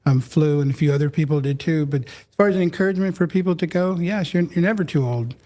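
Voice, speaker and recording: A man's voice: on the high side, fast talker, dark tone. A man who is a pastor, talking earnestly and steadily as a guest in a casual interview.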